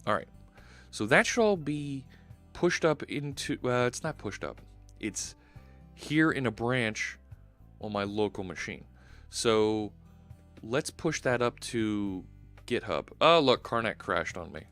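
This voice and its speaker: A man's voice: medium pitch, lively intonation, slow pace, a bit bright, soft background music. A man hosting a live stream, chatting casually and thinking aloud as he works at his computer. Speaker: host. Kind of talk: live-stream coding chat.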